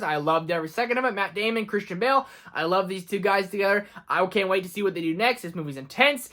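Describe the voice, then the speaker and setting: A man's voice: sits high, bright, forceful tone. A young man counting down his favorite films in a casual vlog, gushing and emphatic. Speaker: film reviewer.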